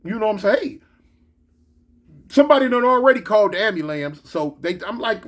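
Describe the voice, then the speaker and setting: A man telling a story in a casual, slangy, animated way. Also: extremely high pitch, fast talker. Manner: animated, slangy, switches into excited quoted voices.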